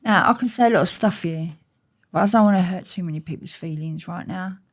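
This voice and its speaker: A woman's voice: fairly low pitch, a little fast. A woman with an Essex accent, an interview guest telling stories bluntly and swearing freely. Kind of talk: candid casual storytelling.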